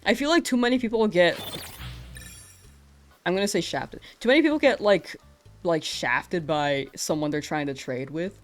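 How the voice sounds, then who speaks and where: With a fairly low, animated voice, a female streamer talks to her audience at a moderate pace while gaming, pausing often and laughing a lot. Soft background music runs beneath the casual chat.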